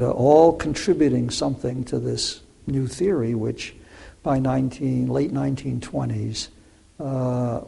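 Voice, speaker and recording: A man's voice: medium pitch, dark tone. An older man, a physicist guest in an interview, recounting memories with many fillers and restarts. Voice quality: gravelly, raspy voice. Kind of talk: interview storytelling.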